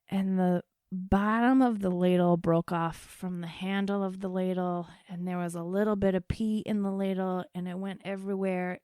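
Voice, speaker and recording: A young woman spins a rambling story in a relaxed, profane, chatty way as a podcast host. Her voice sits a little low for a woman. The sound is close and dry, with no room echo. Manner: chatty, profane, tells stories with quoted dialogue. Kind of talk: casual storytelling.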